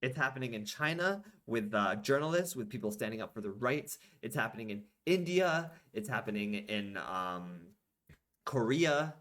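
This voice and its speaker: A man's voice: mid-range voice, lively intonation, normal speed, fairly bright tone. A young adult man hosting a casual vlog, ranting in an exasperated way with lots of swearing, fillers and restarts. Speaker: vlog host.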